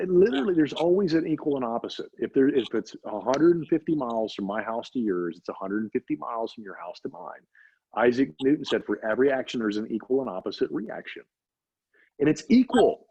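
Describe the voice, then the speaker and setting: A man with a husky voice tells a story in a lively interview and keeps driving his points home. The audio is dull and lo-fi, like a low-grade stream. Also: no room sound. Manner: emphatic, repeats for effect. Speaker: guest, doctor. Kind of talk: animated storytelling in conversation.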